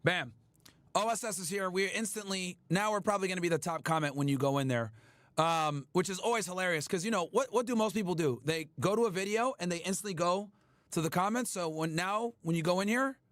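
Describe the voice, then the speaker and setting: A man hosting a livestream, ranting at his chat in a loud, profane, emphatic way. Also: high-pitched, fairly quick, dry recording. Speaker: livestream host. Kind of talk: casual livestream rant.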